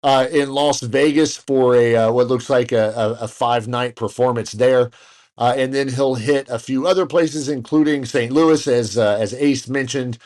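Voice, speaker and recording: Male podcast co-host, casual and rambling, mid-range voice, plenty of fillers and side jokes. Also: mid-range voice. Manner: rambling, lots of fillers and restarts, jokey asides. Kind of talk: casual chat.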